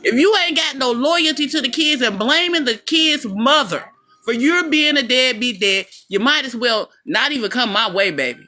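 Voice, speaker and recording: A woman's voice: high-pitched, lively intonation, moderate pace, bright, forceful tone, faint music behind. A middle-aged woman delivering a blunt, profane personal rant straight to the listener, calling them baby and boo. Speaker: vlogger.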